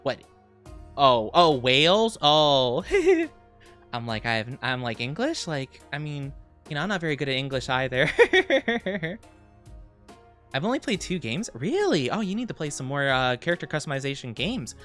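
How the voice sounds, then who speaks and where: A woman VTuber casually chatting with her live-stream viewers, playful and quick to laugh. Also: low voice, soft background music. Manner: playful, giggly, animated.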